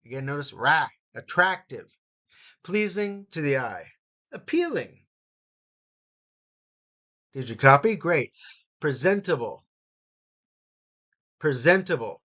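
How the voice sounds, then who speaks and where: Male English teacher, a bit high-pitched, drilling words with clear syllable stress. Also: sharp tone, highs cut off. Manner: models each word with clear stress, repeats for learners. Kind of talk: slow, deliberate pronunciation lesson.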